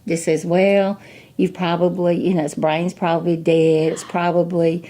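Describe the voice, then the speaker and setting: A middle-aged woman tells her own story in a lowish, mellow voice. She talks in a folksy, chatty way and often acts out the people in her story. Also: little pitch movement, moderate pace. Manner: chatty, folksy, many "you know" asides, acts out quoted dialogue. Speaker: guest, ministry director. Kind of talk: personal storytelling in an interview.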